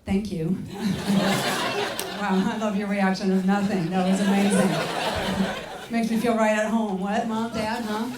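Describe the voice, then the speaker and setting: A woman with a French accent performs a stand-up set in a club, her delivery dry and deadpan, slipping into playful voices. She sits back from the mic in a roomy space. Noise hangs clearly behind her. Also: medium pitch, a little slow, long pauses, recorded from a distance, over a noisy crowd. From France. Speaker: stand-up comedian. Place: comedy club stage.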